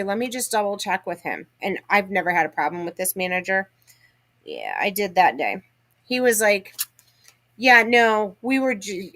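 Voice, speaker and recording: A woman co-hosting a casual livestream, telling stories in a chatty, animated way. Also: mid-range voice. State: has the hiccups. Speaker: livestream co-host.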